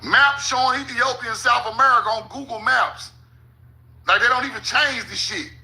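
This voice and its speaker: Stopping often to say "hold on" and laughing at what he's just said, this channel host reads maps aloud while swearing casually. His voice is very high and sharp, at a normal speed, on a low-quality recording.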